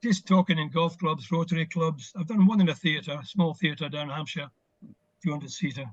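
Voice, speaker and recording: Talking as a guest on a relaxed video call, an older ex-footballer spins nostalgic, warm stories peppered with fillers. His voice is on the high side and his pace is normal. No room sound is audible, and the recording is muffled.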